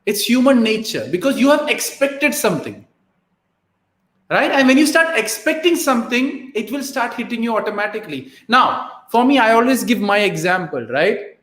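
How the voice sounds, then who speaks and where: High-voiced man giving emphatic advice. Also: big pitch swings, moderate pace, a bit bright. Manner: emphatic, keeps asking "right?" to the listener. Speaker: host and life coach. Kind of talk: motivational advice on a live online show. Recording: echoey room.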